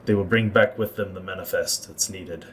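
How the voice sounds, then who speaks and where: A man's voice: low voice, fairly even intonation, a bit bright, distant mic, slight background noise, rough recording. A man playing a cold, scheming old court Maester. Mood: grave. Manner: measured, ominous, deliberate pauses.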